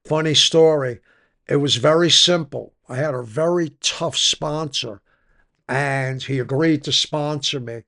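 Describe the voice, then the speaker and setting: Slow, gravelly older New man. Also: a little high, sharp tone. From New York. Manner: frank, conversational storytelling. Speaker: podcast guest. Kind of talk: personal recovery story, candid interview.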